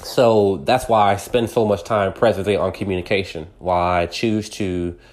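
Low-voiced man telling a rambling story. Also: steady tone, normal speed, darkish tone. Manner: rambling, many fillers and restarts, acts out quoted voices. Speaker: podcast host. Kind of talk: personal storytelling monologue.

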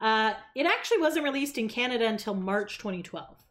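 Gal co-hosting a chatty podcast, reads off facts, higher-pitched voice. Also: female voice, animated, brisk, fairly bright tone. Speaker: podcast co-host. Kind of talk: casual chat.

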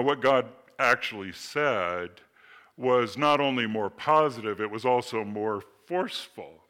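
Bright-voiced man preaching a sermon. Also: mid-range voice. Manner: expository teaching, reads scripture slowly, asides and rhetorical questions. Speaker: pastor.

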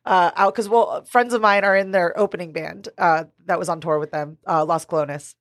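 A young adult woman co-hosting a podcast, telling a story in a lively casual way, swearing freely and laughing often. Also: fairly low pitch, normal speed, no echo, clean studio sound. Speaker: podcast co-host. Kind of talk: casual chat.

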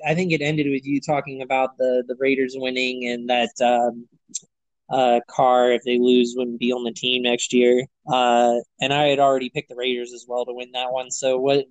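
A man hosting a sports podcast from his computer over a remote call, with an easygoing manner and frequent "uh" pauses. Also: mid-range voice, little pitch movement, dry recording, rough recording. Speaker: podcast host. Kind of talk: casual sports chat.

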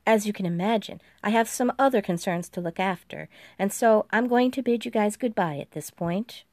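A woman's voice: medium pitch, moderate pace, darkish tone, dry recording, clean studio sound, close to an everyday voice. A woman voicing a composed female US president who speaks with careful, precise enunciation in an audiobook. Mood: formal, briefing. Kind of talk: audiobook dialogue.

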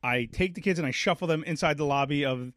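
Animated profane New storyteller man. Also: fairly high pitch, quick pace, dry recording, clean studio sound. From Brooklyn, New York. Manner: animated, profane, acts out quoted voices. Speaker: podcast co-host. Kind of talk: casual chat, storytelling.

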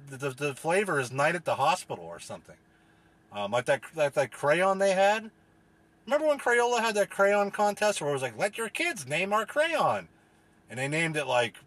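Guy ranting solo on his podcast, swears a lot, rambly and fed up, bright lively voice. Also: a little high. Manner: profane, rambling, exasperated. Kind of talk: solo comedic rant.

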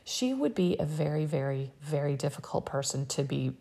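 Woman with a low creaky husky voice. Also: moderate pace. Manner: animated, exasperated, quotes people in raised voice. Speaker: reality TV recap commentator. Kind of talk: casual recap chat.

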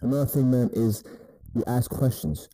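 Very dark-voiced man giving casual dating advice. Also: mid-range voice, normal speed, low-quality recording. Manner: laid-back, profane, rambling, repeats "you know what I mean".

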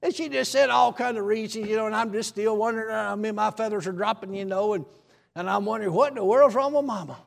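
Male preacher, gravelly, folksy and animated, breaks into shouts; long hall reverb. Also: sits high, fast talker. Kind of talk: sermon testimony.

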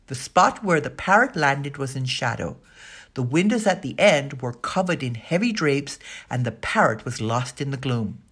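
Low husky woman reading a kids story, lively ups and downs. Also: moderate pace. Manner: expressive, voices the dialogue. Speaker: narrator.

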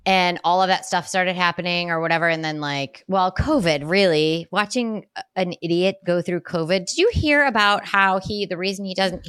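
A woman co-hosting a podcast, chatting casually as an animated storyteller who swears freely and laughs often. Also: on the low side, clean tone, no room sound, studio quality. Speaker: podcast co-host; mother of a young daughter. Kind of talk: casual chat.

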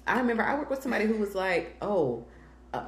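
Animated woman co-hosting a podcast chat. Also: medium pitch, quick pace. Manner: animated storytelling, swears freely, acts out quotes. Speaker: podcast co-host. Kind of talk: casual chat. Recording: echoey room with faint ambient noise.

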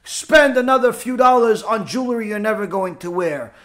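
A man's voice: high-pitched, animated, normal speed, fairly bright tone. A man teaching a Torah class, explaining a Talmud passage with rhetorical questions and repeated key phrases, mixing Hebrew terms into his English.

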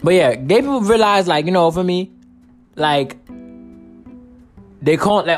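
A man's voice: a little high, normal speed, long pauses, soft background music. A young man hosting a casual solo podcast, talking in a rambling, profane way while saying he is tired. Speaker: podcast host.

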